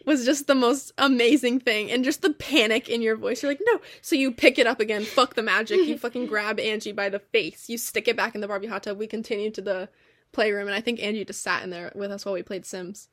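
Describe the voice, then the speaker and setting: A young woman co-hosting a casual chat, telling a story in an animated, swearing way and laughing often. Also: fairly high pitch, fairly quick, no room sound. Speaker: co-host.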